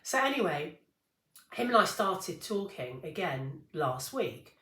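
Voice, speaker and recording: A woman's voice: on the low side, sing-song, slow, fairly bright tone. A middle-aged woman co-hosting a podcast, chatting candidly, swearing and laughing as she acts out quoted lines. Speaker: podcast co-host. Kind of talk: casual chat. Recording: echoey room.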